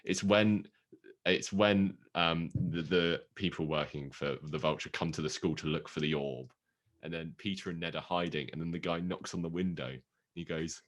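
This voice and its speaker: A man's voice: low-pitched, fairly even intonation, moderate pace. A man co-hosting a podcast in casual chat. He is chatty and self-deprecating, and he laughs often. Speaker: podcast co-host.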